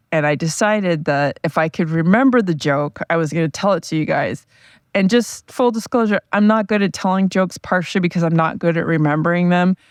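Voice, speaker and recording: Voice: mid-range voice, no echo, clean studio sound. A podcast host talking casually on their own, rambling and self-deprecating. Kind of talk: casual solo podcast monologue.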